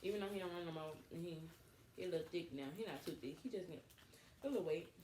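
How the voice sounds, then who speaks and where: Animated woman in a roomy echo. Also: lowish voice, quick pace. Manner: animated storytelling, laughs often. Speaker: co-host of couple channel. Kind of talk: casual couple chat. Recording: echoey room with faint noise.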